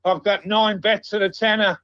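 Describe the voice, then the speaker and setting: Sweary, blunt male caller, high voice, dull dry line. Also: pushed and bright, dry recording. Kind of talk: casual phone-in call. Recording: dull muffled phone audio.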